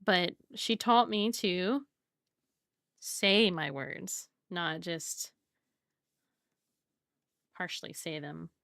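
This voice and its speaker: Female streamer from the South, casual rambling chat, bright tone, dry close sound. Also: fairly low pitch, extremely slow, long pauses, dry recording. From Southern United States. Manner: chatty and rambling, reads chat aloud, laughs often. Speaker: art streamer.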